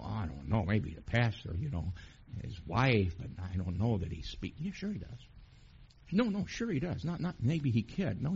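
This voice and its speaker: A man preaching a sermon, emphatic, rising to loud peaks and asking the congregation questions. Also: lowish voice, lo-fi sound, a little hiss or hum.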